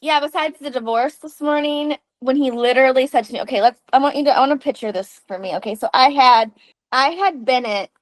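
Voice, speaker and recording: A woman in her thirties co-hosting a podcast in casual chat, telling animated stories and swearing freely. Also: high-pitched, a little fast. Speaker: podcast co-host.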